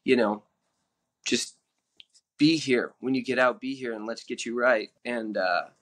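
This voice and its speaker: A man guest telling his own story in an earnest, halting way, with many fillers and restarts. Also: medium pitch, fairly bright tone. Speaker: podcast guest.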